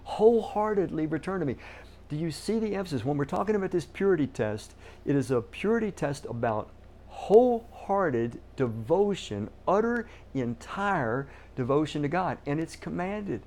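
Middle-aged male pastor, mellow tone, emphatic sermon delivery. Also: on the high side, very animated, normal speed. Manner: emphatic, repeats key words for stress.

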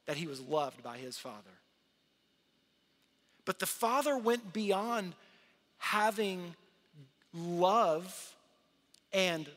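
A man in his thirties preaching a sermon to his church in a conversational, earnest way, swinging from loud to hushed. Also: high voice. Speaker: pastor. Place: large church hall. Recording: long hall reverb.

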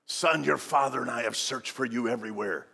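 A man's voice: mid-range voice, a little fast, gravelly, bright, forceful tone, breathy edge, voice pushed down, full character voice. A man voicing an exasperated, guilt-tripping middle-aged mother scolding her son, with the long reverb of a church hall.

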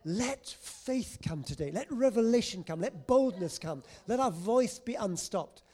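A man praying aloud in slow, intoning declarations. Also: sits high, expressive, a little mellow. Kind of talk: spoken prayer.

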